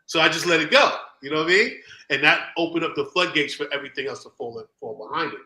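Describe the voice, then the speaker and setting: A man's voice: a little high, animated, fast, bright, forceful tone. A man co-hosting a casual talk show, speaking emphatically and often backing up his partner. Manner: emphatic, frequent affirmations. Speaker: podcast co-host. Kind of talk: casual chat. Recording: roomy echo.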